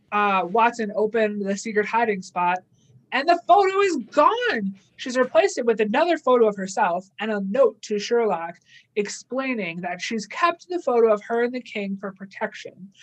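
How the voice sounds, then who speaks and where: A young woman co-hosting a casual podcast, retelling a plot with many fillers. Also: mid-range voice. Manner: casual, filler-heavy, acts out quoted lines. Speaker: podcast co-host.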